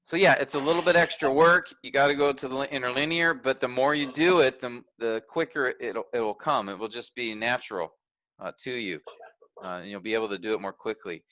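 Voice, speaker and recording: A man's voice: medium pitch, a little fast, sharp tone, no room sound, low-quality recording. A man teaching a graduate workshop in a conversational way, thinking aloud with restarts and fillers.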